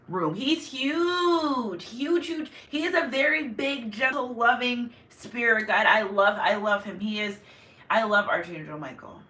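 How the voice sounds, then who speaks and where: A woman's voice: mid-range voice, sharp tone. A woman giving a casual tarot reading to her viewers, rambling and repeating herself with emotion. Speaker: tarot reader. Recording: echoey room, distant mic.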